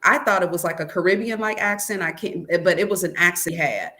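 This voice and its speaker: An author being interviewed as a guest about her book tells a personal story, often quoting what others said to her with "he said" asides. Her lowish voice is bright, forceful and fairly quick, and she sounds earnest and searching, with many restarts and "um"s.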